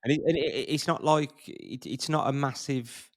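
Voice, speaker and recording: A man's voice: mid-range voice, fairly even intonation, moderate pace. Rambling man hosting a podcast. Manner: rambling, hesitant, many fillers and repeats. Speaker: podcast host. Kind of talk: casual podcast chat.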